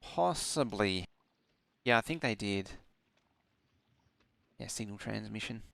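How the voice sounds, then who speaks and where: Gravelly, sleepy male streamer. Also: fairly low pitch, lively intonation, slow pace, a bit bright, no room sound. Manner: rambling, with frequent ums. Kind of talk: casual gameplay stream commentary.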